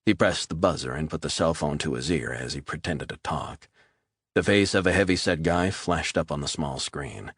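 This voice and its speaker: A man reading a thriller audiobook as narrator, steady and measured. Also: extremely low pitch, slightly rough, no echo, studio quality. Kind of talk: scripted narration.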